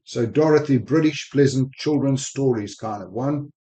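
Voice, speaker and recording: Fast-talking man with mixed South African accent. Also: medium pitch, dark tone. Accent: mixed South African, Spanish and American. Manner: quick, enthusiastic talk. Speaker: sales technology speaker. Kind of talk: screen-recorded software walkthrough. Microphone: desk microphone while screen recording.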